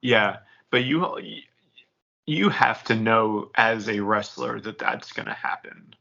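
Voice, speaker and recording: A podcast guest in relaxed conversation. This man's voice sits low and gravelly, with a bright edge, and the recording sounds dull and lo-fi. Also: slow pace. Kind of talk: casual chat.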